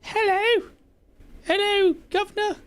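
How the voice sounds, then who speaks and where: A man voicing a gruff woman warrior in a strained, comically bad falsetto with a British twang during gameplay. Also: lively intonation, takes it slowly, fairly bright tone, heavily acted. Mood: mock-polite. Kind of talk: gameplay voice impression.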